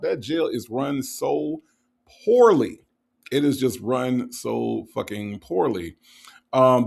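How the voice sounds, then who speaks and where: A man's voice: a little high, vocal fry. A man hosting a casual livestream, reading viewer comments aloud and mocking them, laughing often and repeating himself. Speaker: livestream host reading chat.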